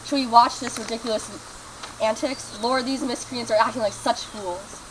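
A woman's voice: a little high, steady tone, normal speed, a little hiss or hum, close to an everyday voice, rough recording. A woman playing a sly, mischievous servant sprite who enjoys chaos. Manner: sly, amused.

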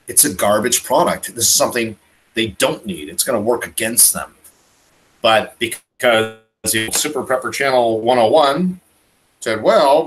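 A man's voice: mid-range voice, fairly bright tone, poor audio. Impassioned Canadian man ranting on a call. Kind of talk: casual podcast chat over video call. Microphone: video call mic.

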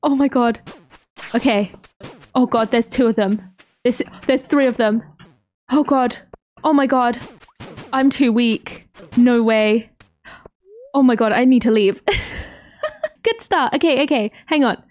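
A young woman hosting a let's play, chatting through her game in an excitable way, often gasping and exclaiming. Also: fairly high pitch, slow, pauses often, a little hiss or hum. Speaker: gaming channel host.

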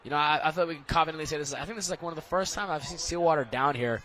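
A young man doing casual, jokey color commentary for a school soccer stream, rambling and getting excited. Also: a little high, rapid-fire.

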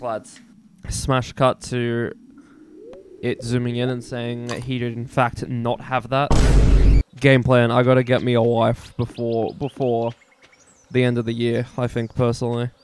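A man's voice: medium pitch, level tone, moderate pace, slight background noise. A young Australian man giving rambling, profane, self-mocking commentary over his own gameplay. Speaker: gaming YouTuber.

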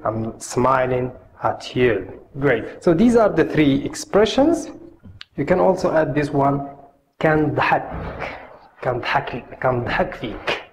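Guy teaching phrases, mid pitch, repeats stuff slow, faint room hum behind. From Morocco. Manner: patient, repeats phrases slowly for learners. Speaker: language teacher. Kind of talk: online language lesson.

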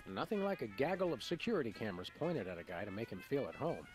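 Sam, a man voicing a quick wisecracking dog detective. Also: medium pitch, big pitch swings, soft background music, close to an everyday voice. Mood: wry. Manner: dry wisecracks.

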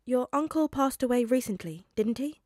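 A woman reading a fan story aloud, voicing a calm, controlled male FBI agent who speaks gently and evenly. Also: a little high, no echo, clean studio sound, pitched above the performer's own voice, close to an everyday voice. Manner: gentle and measured.

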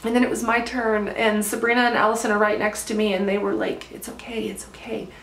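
A woman's voice: mid-range voice, level tone, fast, fairly bright tone. Gushing woman vlogger, echoey room. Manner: gushing, heavy use of "like". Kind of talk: casual storytelling to camera.

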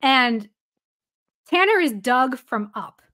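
A woman's voice: high-pitched, lively intonation, takes it slowly, sharp tone. A woman who is a baseball reporter, guesting on a podcast and telling a story casually with plenty of "like" fillers and some laughter.

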